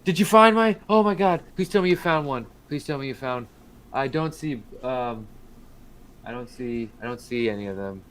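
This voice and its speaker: A man's voice: mid-range voice, close to an everyday voice. A man voicing a jittery male gnome inventor who gets flustered and repeats himself. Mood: frantic. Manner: flustered, repeats himself, talks fast in bursts.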